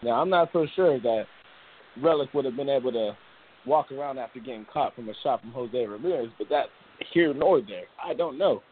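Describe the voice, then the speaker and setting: A man's voice: mid-range voice, animated, fairly quick, husky. Rambling man on a tinny line. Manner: rambling, laughs often, many restarts. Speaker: boxing podcast host. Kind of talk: casual sports talk. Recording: tinny phone-like audio.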